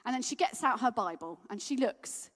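A woman preaching as a guest speaker in a church hall, her high voice swooping animatedly as she tells stories and rouses her listeners. She sounds rousing and heartfelt. A long reverb trails each phrase. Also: normal speed. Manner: lively storytelling, rousing and heartfelt. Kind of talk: sermon.

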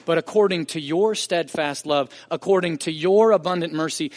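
Male pastor, higher-pitched voice, earnest emphatic sermon delivery, long church reverb. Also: normal speed, few pauses. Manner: earnest, emphatic preaching with rising intensity. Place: church sanctuary.

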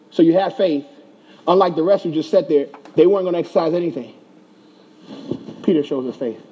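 Guy preaching a sermon, high voice but kinda dark and husky, lots of rhetorical questions. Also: fairly quick, long pauses, highs cut off. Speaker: pastor.

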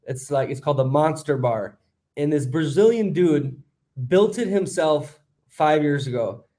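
A man's voice: a little high, expressive, unhurried, mellow. A man co-hosting a podcast, telling a long story in a rambling, casual way with lots of fillers. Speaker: podcast co-host.

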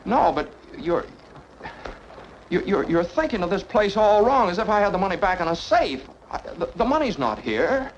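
A man's voice: sits high, very animated, moderate pace. A man in an old film, stammering and earnestly pleading as he explains. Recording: dull old film soundtrack with hiss.

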